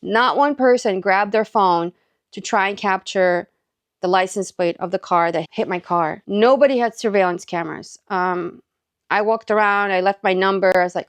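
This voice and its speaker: A woman's voice: medium pitch, normal speed, no room sound. Chatty woman telling a story, dry sound. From Southern California. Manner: chatty, animated retelling with many likes and quoted dialogue. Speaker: faith and encouragement vlogger. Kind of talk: casual storytelling.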